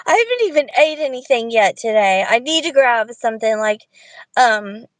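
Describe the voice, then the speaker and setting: A woman's voice: a little high, sing-song, normal speed, no room sound, rough recording. A woman in casual livestream chat, rambling and thinking aloud to her viewers. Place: Walmart parking lot.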